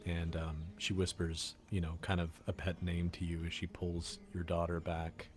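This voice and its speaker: Low-voiced man narrating a tabletop game. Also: completely flat delivery, normal speed. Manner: loose, rambling narration with many fillers. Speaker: game master. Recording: stream with background music.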